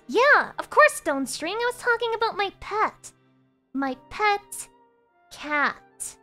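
A woman's voice: very high-pitched, sing-song, takes it slowly, bright, forceful tone, faint music behind. A young adult woman streaming a game and joking playfully with her chat in casual talk.

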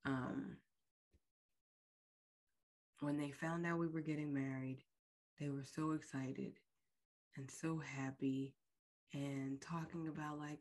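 A woman podcast host slowly and frankly retelling a painful personal experience in an emotional, storytelling way. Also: deep voice, steady tone, a little mellow.

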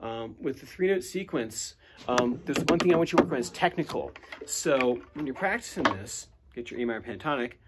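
Relaxed male guitar teacher, mid-pitched. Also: fairly quick, very noisy. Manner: relaxed, filler-heavy, counts picking strokes aloud; hums and scats rhythms while demonstrating. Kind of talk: recorded lesson feedback to a student. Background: guitar playing between phrases.

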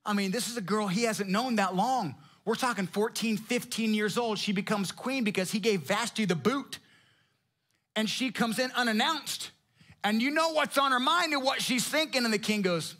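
A male pastor delivers a sermon with lively, conversational energy, dropping slang and jokes as he goes. His voice sits on the higher side for a man, and he speeds up when he gets excited. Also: moderate pace.

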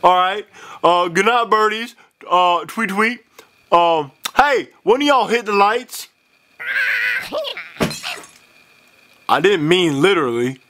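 A laid-back male cartoon dinosaur talks in lazy street slang, calling everyone folks, as a man voices him. His voice sits high, and he drawls through the puppet skit. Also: lively intonation, unhurried, pushed and bright, exaggerated voice. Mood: drowsy.

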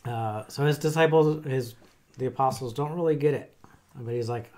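A middle-aged man who works as a chaplain, talking in a thoughtful, halting way with many pauses and fillers. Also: mid-range voice, a little mellow. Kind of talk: casual conversation.

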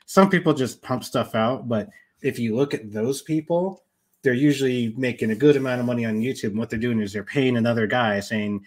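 A man's voice: mid-range voice, a little fast. A man co-hosting a casual live stream, speaking in a laid-back, encouraging way. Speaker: co-host.

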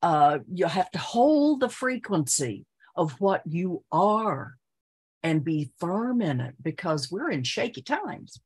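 A woman's voice: lowish voice, very animated, slow pace, darkish tone, slightly rough. An older woman, chatting earnestly with fellow guests and laughing often. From Texas. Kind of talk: casual chat.

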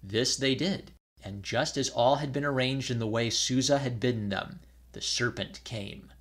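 A man reading an old fairy tale aloud in a measured storytelling manner. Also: medium pitch, husky.

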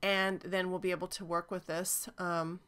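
Lower-pitched woman narrating a software demo. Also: flat delivery, normal speed, clean tone. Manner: chatty, enthusiastic, frequent ums. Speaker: cloud database instructor. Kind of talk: screen-recorded software walkthrough.

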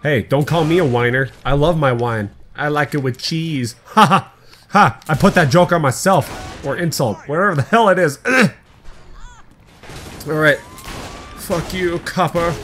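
A man's voice: a little high, a little slow, fairly bright tone, soft background music. A young man giving casual gameplay commentary as a YouTuber, crude, joking and rambling, swearing often.

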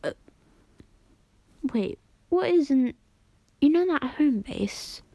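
Gravelly young woman streamer rambling. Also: high-pitched, extremely slow, no echo. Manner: rambling, excitable, giggly. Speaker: game streamer. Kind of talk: casual live-stream chat.

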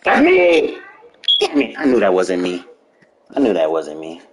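A young man talks over his own game play in a very deep voice that swings wildly up and down. He trash-talks the screen, breaks into laughter and yelps, and stays loose and casual throughout. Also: moderate pace, noisy background. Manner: excitable, trash-talking, laughs and yelps often. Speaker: gameplay streamer. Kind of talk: casual gameplay commentary.

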